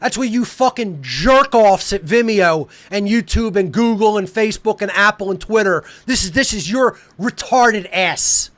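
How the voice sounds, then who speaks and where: A male podcast host delivering an angry, profane monologue, hurling repeated insults and shouting at times. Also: sits high, lively intonation, normal speed, few pauses.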